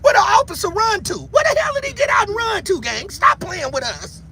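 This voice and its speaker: A man hosting a livestream, reacting to video footage in loud, profane, excitable commentary and often laughing. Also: extremely high pitch, fairly quick, heavy background noise. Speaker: livestream host.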